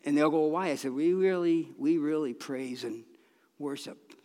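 In a church sanctuary, a male pastor delivers a folksy, chatty sermon at a moderate pace, restarting sentences and punching certain words hard. His voice sits fairly high yet has a darkish tone, and the hall adds a long echo.

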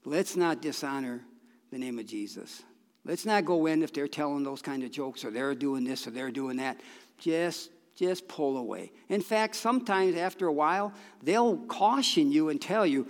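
This pastor's voice is on the high side and animated as he preaches at a moderate clip. He keeps the sermon homey and conversational, with restarts and flashes of emphasis, while the church sanctuary rings with long reverb.

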